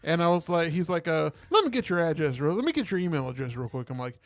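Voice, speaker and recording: A man's voice: a little high, fast, hardly any pauses, dry recording. A man co-hosting a casual podcast, telling stories animatedly and acting out the people he quotes. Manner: animated storyteller who acts out quotes. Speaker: podcast co-host. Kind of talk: casual chat.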